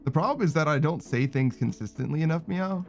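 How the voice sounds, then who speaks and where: A man streams a video game with brisk, lively commentary over faint background music, chatting casually, swearing often, and reading chat aloud. He adds "meow" to his sentences and breaks into frustrated outbursts in a raised, higher voice.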